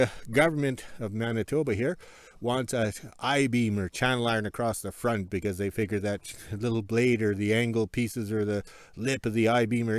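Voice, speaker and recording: A man's voice: medium pitch, dry recording. Guy rambling folksy round his shop, dry close sound. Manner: rambling, folksy, self-correcting. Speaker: vlogger, homesteader. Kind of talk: casual walk-around narration. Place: workshop and yard in the cold north.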